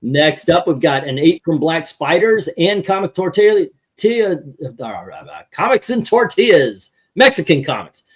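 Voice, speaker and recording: A man's voice: fairly high pitch, sing-song, normal speed, few pauses, breathy edge. A man hosting a casual panel that ranks comic covers. He reads out viewer scores and rambles through his counting with lots of fillers. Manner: rambling, many fillers while counting aloud.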